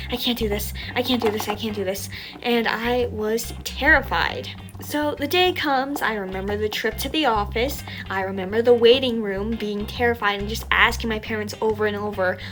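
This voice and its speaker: A young adult woman telling a story from her childhood in an animated, chatty, self-mocking way, while still a little sick. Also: fairly high pitch. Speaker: storytime vlogger. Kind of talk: casual storytelling.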